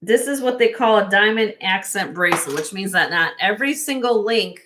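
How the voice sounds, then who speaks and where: A woman's voice: medium pitch, animated, a little fast, noisy background. A woman hosting a casual live-stream jewelry sale, chatty and self-correcting, laughing often as she shows pieces to viewers.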